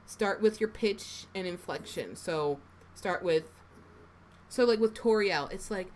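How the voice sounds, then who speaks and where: This East Coast American woman, a voice actor hosting a relaxed live stream, has a lowish, somewhat mellow voice and keeps a measured pace. She wanders through her advice chattily, leaning on lots of fillers, while faint background noise sits under the recording.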